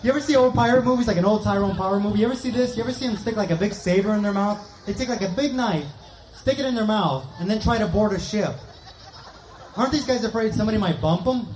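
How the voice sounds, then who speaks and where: A man's voice: sits high, quick pace. A male stand-up comic doing a live set, rattling off jokes, acting out voices and laughing at his own lines. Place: outdoor park concert stage. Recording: echoey outdoor concert with crowd noise.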